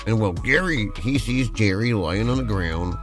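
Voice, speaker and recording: A man with a low voice narrates a role-play adventure as game master, easygoing and playful. His pitch swings widely as he spins the story. Faint music plays softly behind him. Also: animated, normal speed. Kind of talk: narrating a tabletop-style role-play podcast.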